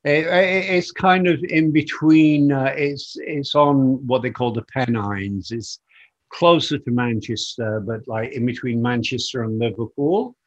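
Middle-aged northern English man, faded Lancashire accent, halting and reflective guest, lo-fi sound. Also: mid-range voice, steady tone. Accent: Lancashire, softened by decades in America. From northern England. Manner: reflective, halting, repeats words when starting. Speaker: guest musician. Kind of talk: casual interview chat. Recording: muffled lo-fi audio.

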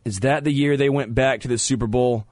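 Male sports talk host, animated and opinionated, average pitch, close dry studio mic. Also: a little fast, no room sound. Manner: animated, opinionated, stammers on restarts. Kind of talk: sports talk radio banter. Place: radio studio.

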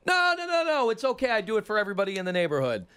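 A man voicing a smooth-talking male neighborhood extortionist, falsely friendly with a menacing edge. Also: high voice, huge pitch swings, rapid-fire, pushed and bright, pitched above the performer's own voice, heavily acted.

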